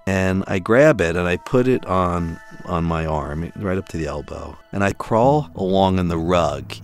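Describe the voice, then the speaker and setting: Deep-voiced man telling a family story. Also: measured pace, soft background music. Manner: animated, acts out the voices of others. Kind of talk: storytelling in an audio documentary.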